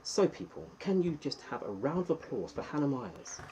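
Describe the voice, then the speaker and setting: A man's voice: a little high, sing-song, normal speed, a little hiss or hum. Playful English man hosting a live stream. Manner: playful, gives chatty shout-outs to viewers. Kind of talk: casual live-stream chat.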